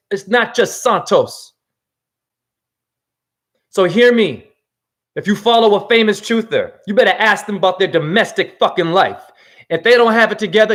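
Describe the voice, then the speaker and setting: A man in his forties delivering an angry, accusatory video rant as a self-styled spiritual teacher, swearing freely. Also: sits high. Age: 40s. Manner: angry, accusatory, emphatic ranting with profanity. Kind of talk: ranting video monologue.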